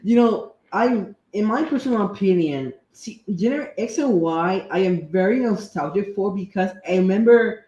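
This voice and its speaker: A man's voice: sits high, lively intonation, moderate pace, few pauses, darkish tone, highs cut off. A young man hosting a stream, chatting casually and hesitantly with lots of fillers. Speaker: stream host. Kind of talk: casual chat about cartoons and games. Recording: echoey room.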